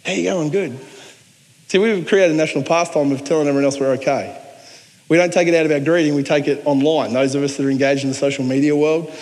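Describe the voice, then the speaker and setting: Australian pastor preaching in a reverberant hall. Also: male voice, a little high, steady tone, fast talker, darkish tone. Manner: earnest and conversational, with joking asides. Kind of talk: sermon.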